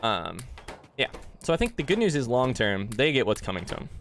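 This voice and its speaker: A man's voice: mid-range voice, very animated, brisk, fairly bright tone, slight background noise. Breathless man chatting to his stream. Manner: rambling, thanks chat by name, thinks aloud. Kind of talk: casual live-stream chat.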